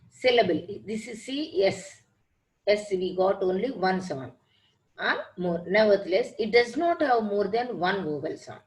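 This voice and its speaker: Female lecturer, unhurried classroom explanation, steady mid pitch, repeats herself. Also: low-quality recording. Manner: slow, repetitive explaining. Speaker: English teacher. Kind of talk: lecture on word stress.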